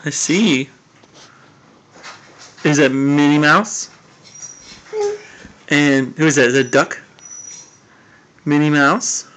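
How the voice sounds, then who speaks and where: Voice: mid-range voice, slow pace, long pauses, fairly bright tone, a little hiss or hum. A parent talking in playful sing-song baby talk to toddlers in a home video, recorded on a phone indoors. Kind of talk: home video chat with small children. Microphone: phone camera.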